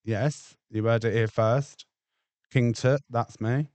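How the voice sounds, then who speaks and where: A man's voice: mid-range voice, fairly even intonation, slow pace, darkish tone. A man hosting a livestream, chatting and reacting to clips in a chatty, sweary way. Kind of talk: casual chat.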